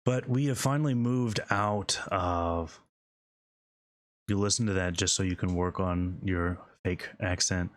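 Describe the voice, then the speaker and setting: A man's voice: low-pitched, measured pace. A man giving casual, rambling commentary while playing a game, chuckling often and trailing off mid-thought. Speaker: gaming streamer.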